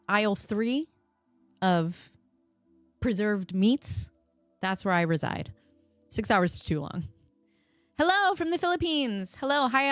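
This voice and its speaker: A woman's voice: medium pitch, clear, resonant tone, no room sound. Woman, livestream host, from America, chatty, jokey, dry sound, faint background music. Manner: chatty, laughs often, jokey. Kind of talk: casual livestream chat reading comments.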